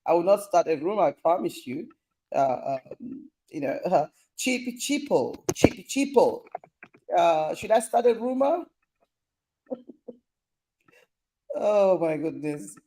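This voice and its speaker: A man's voice: on the high side, animated, measured pace, pauses often, dark tone, a little hiss or hum. A young man hosting a casual live stream, reading viewer comments in a playful, teasing way and laughing often.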